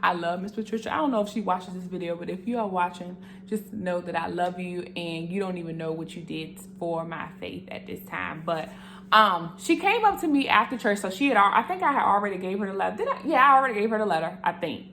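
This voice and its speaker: A woman's voice: lowish voice, brisk, background noise. Earnest young woman sharing a testimony. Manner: earnest and animated, speaks straight to viewers, emotional. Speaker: vlogger sharing her faith testimony. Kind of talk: casual testimony to camera.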